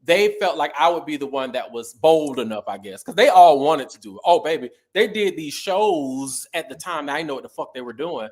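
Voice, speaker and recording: Animated sassy man telling stories. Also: fairly quick, hardly any pauses. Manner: animated, sassy, acts out quotes in a high voice. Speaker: guest. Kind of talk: casual storytelling interview.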